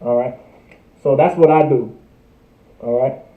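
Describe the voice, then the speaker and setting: A man's voice: mid-range voice, measured pace. A young man teaching a livestreamed language class, repeating words over and over in a casual, conversational way. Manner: repetitive drilling, casual conversational asides. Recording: tinny phone-like audio in an echoey room.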